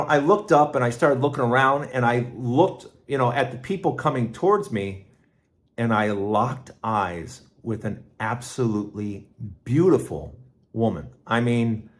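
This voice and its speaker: A middle-aged man hosting his own podcast, telling a personal story in a rambling, casual way with restarts and lively asides. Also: mid-range voice. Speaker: podcast host.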